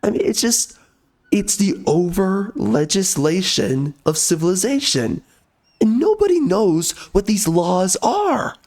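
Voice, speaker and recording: Hoarse, ranting gaming commentator man. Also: high-pitched, a little mellow. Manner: ranting, blunt, peppered with mild minced swears. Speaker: gameplay commentator. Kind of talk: casual gameplay commentary.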